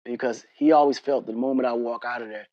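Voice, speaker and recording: A man as an interview guest, telling casual, animated stories full of slang and laughter. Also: medium pitch, quick pace, dry recording, lo-fi sound. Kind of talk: casual storytelling conversation.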